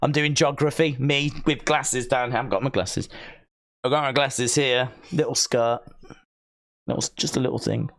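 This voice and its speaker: A man hosting a wrestling watch-along live stream, chatting excitedly, reading viewer comments and often breaking into high, squealing shouts. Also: normal speed, gravelly. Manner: giddy, jumps to squealing high shouts, rambling.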